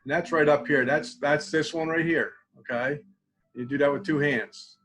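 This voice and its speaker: Calm older man coaching a tapping exercise. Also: fairly high pitch, normal speed, rough recording. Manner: calm instructive, often drops to quiet repeated phrases. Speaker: college student support clinician. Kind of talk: webinar teaching a tapping technique.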